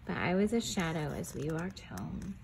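A young woman reading a picture book aloud to preschoolers in a gentle storytelling voice, stopping to ask the children questions and dropping to a whisper on the quiet lines. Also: on the low side, lively intonation, moderate pace, vocal fry, slight background noise, rough recording.

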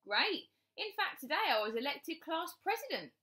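A woman reading aloud and voicing a young schoolboy who makes quick excuses and whines. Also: extremely high pitch, very animated, pushed and bright, pitched above the performer's own voice, exaggerated voice. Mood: fibbing. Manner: quick excuses, whiny protests. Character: schoolboy, fibbing and sulky.

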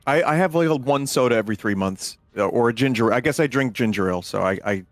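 A man's voice: medium pitch, lively intonation, fast talker, dry recording. A man streaming a game, chatting casually in a rambling, self-correcting way with dry jokes. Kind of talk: casual chat while playing a game.

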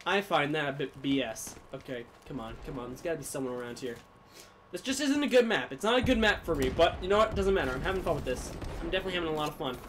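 A man giving live gameplay commentary as a gaming YouTuber, swinging from low muttering to sudden yelling. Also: animated, quick pace, slight background noise.

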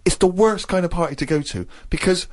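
A man co-hosts a podcast in his thirties, his voice sitting a little high as he spins a comic tale. He acts out other people's lines along the way. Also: fairly quick. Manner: animated storytelling, acting out other people's lines. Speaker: co-host. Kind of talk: comic anecdote on a radio podcast.

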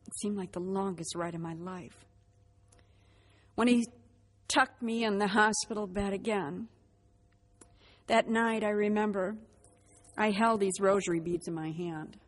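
A middle-aged woman telling her personal faith testimony as a vivid storyteller, acting out the dialogue and dropping to a hushed voice at reflective moments. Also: medium pitch, normal speed. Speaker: speaker giving a faith testimony.

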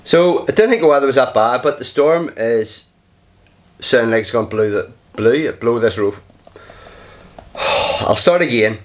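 A man's voice: mid-range voice, measured pace, pauses often. A man commenting casually on his own game play, muttering in frustration, sighing and swearing under his breath. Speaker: gaming channel host.

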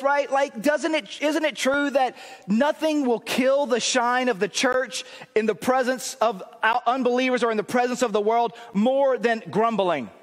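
High-pitched male pastor, chatty preaching that builds to shouts; reverberant sanctuary. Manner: conversational preaching, rising to emphatic shouts. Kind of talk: sermon.

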